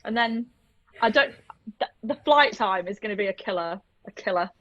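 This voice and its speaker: A woman's voice: mid-range voice, lively intonation, normal speed, fairly bright tone, no room sound. Giggly woman on a dull call line. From United Kingdom. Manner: chatty, giggly, self-deprecating. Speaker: guest, airsoft player and vlogger. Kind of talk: casual interview chat.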